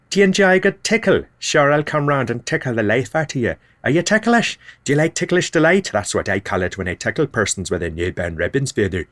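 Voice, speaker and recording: A man playing a zany, unhinged oddball whose invented accent bounces all over the place in pitch. He rattles from one absurd boast to the next, on a comedy podcast. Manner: zany, rambling, jumping between topics.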